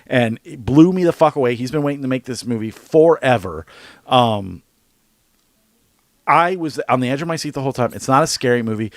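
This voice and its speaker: This man talks at a middle pitch, hopping from point to point as he raves about a film. He swears constantly and gets excited. The sound is dry and close, like a podcast mic. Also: no room sound. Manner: excited, swears a lot, rambling. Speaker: podcast co-host. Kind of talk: casual movie review chat.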